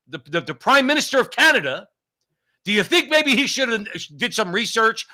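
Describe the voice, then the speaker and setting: Emphatic talk-show host, bright voice. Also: male voice, fairly high pitch. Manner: emphatic, repeats listener's name, rambling asides.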